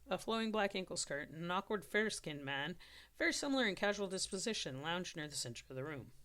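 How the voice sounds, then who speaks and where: An author reading their own story draft aloud as storybook narration, steady with occasional self-corrections. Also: mid-range voice.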